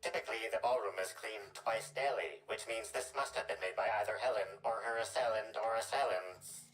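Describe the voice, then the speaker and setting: A man's voice: on the low side, moderate pace, fairly bright tone, recorded from a distance, faint music behind, natural voice, rough recording. A man voicing a prim talking gadget. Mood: formal. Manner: formal, stiff, by-the-book phrasing. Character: prim, rule-bound talking investigation gadget. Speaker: video game character.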